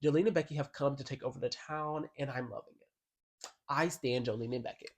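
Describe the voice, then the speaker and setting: A music commentator with a medium-pitched voice talks a little fast in a casual album review vlog. Sassy, slangy, and emphatic, he sometimes reads song lyrics out loud.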